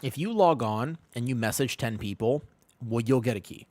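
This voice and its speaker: A man's voice: mid-range voice, expressive, moderate pace, a little mellow, dry recording. A man streaming a game, chatting casually with his chat, joking and answering questions.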